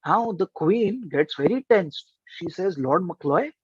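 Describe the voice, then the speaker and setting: A trainer tells students a story with plenty of emphasis. His voice sits high for a man. The sound is dull and dry. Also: expressive, a little slow, a little mellow, breathy edge, dry recording. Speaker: trainer and life coach.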